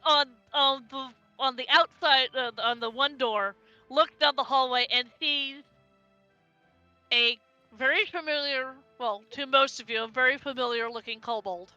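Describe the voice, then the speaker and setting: Bright, halting woman game master. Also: sits high, steady tone, dry recording, faint music behind. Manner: halting, repeats words. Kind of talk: narrating a tabletop game. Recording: dry, dull lo-fi mic.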